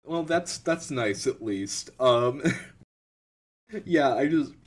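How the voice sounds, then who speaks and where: Young male co-host, loose halting chat, laughs a lot, average pitch. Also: expressive. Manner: giggly, halting, lots of likes and ums. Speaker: podcast co-host. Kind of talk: casual chat.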